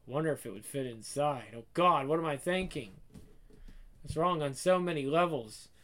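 A man's voice: a little high, moderate pace, fairly bright tone, close to an everyday voice. An anxious, flustered mother mutters her worries to herself in a slightly lifted voice, as a man puts her on. The talk is fretful and jumpy, in an audio story. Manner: frantic inner monologue, fretful.

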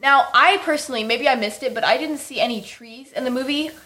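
A woman's voice: high-pitched, brisk, sharp tone. A woman chatting casually about a film with her co-host, teasing him and often checking in with "right?". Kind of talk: casual chat.

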